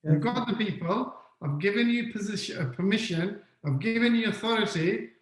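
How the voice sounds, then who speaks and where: A man's voice: sits high, moderate pace, echoey room, poor audio. A man giving an online talk on leadership who keeps asking the audience questions and repeats his key points. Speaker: webinar speaker on leadership. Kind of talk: interactive online lecture.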